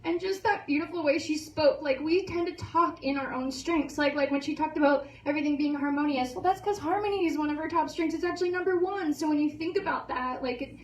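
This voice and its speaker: A woman's voice: high voice, fairly quick, few pauses, a little hiss or hum. A woman hosting a course graduation, who talks in a gushing, tearful way with many fillers like "like" and "you know". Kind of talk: emotional speech. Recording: echoey room, voice from a distance.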